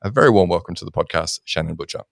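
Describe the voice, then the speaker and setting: Australian man, podcast host, very low voice, gravelly, quick talker, dry sound. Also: animated, no echo. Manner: joking, easygoing, many fillers. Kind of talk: casual podcast chat.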